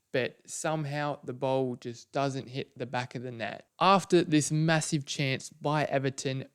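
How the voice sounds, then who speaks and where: A male podcast host with a clear, resonant voice sits at a medium pitch. He recaps football matches one play at a time, in the easy manner of a fan's round-up. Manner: play-by-play retelling of match moments.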